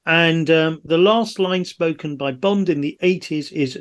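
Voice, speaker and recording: A man acting as quiz master on a video call, reading out answers briskly with jokey asides. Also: fairly high pitch.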